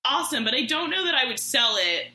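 A woman's voice: sits high, very animated, fast talker, pushed and bright, roomy sound, rough recording. A woman in her thirties telling a story in casual chat, with lots of "like" and laughing through it.

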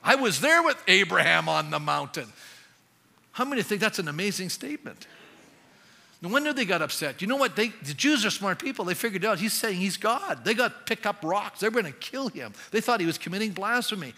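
Animated high-voiced pastor preaching. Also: male voice, a little fast, in a large hall. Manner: animated, emphatic, asks the congregation questions. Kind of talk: sermon.

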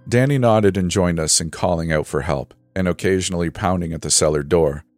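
A man narrating a first-person scary story in a steady, measured, suspenseful way. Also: low voice, no room sound, faint music behind.

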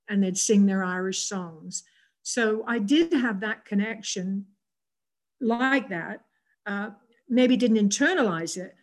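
A woman in her seventies with an English accent, an interview guest telling personal stories in a reflective, gentle way with frequent pauses and restarts. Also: mid-range voice. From England.

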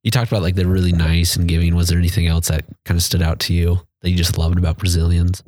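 A man hosting a casual interview, asking relaxed open questions and giving short acknowledgements. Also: sits low, fast. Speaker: interview host.

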